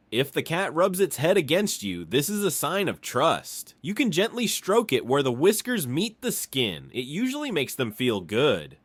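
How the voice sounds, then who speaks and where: A man's voice: mid-range voice, a bit bright, no echo. A man giving scripted narration for a pet advice video, explaining things and speaking directly to the viewer.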